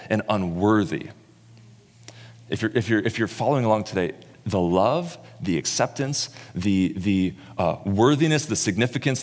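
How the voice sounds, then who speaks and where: A man preaching a sermon, telling the story in an animated way and acting out the words of its characters. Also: lowish voice. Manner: animated storyteller who acts out quotes. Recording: long reverb in a large hall.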